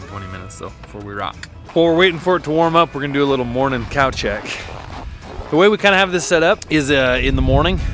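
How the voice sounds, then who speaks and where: A young man, a cattle rancher, talking casually to the camera while doing morning chores outdoors and in barns on a windy, cold ranch. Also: mid-range voice. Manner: chatty and easygoing, with small laughs and groans at the cold. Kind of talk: casual vlog narration.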